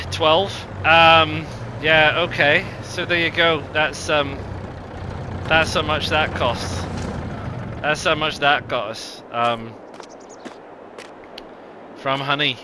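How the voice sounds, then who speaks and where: A man's voice: a little high, steady tone, takes it slowly, long pauses, noisy background. A man giving casual, rambling gameplay commentary, with lots of ums and self-corrections. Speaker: gaming video host.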